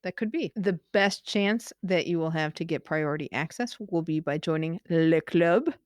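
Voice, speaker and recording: A woman co-hosting a podcast, reading out news updates in a careful, measured way and laughing easily between items. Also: on the low side, no room sound, studio quality. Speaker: podcast co-host. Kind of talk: casual news chat.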